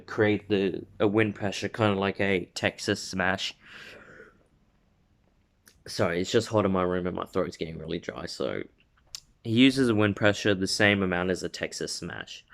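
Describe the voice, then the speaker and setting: A man's voice: fairly low pitch, fairly bright tone. A young man casually telling a made-up story from his room at home, rambling with lots of fillers and self-corrections. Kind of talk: casual spoken fan story.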